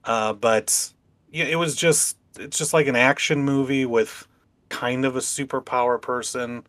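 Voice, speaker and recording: A man's voice: medium pitch, steady tone, a little slow, fairly bright tone. Casual man chatting about movies. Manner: storytelling with laughs, quoting others in dialogue. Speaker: podcast co-host. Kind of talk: casual chat.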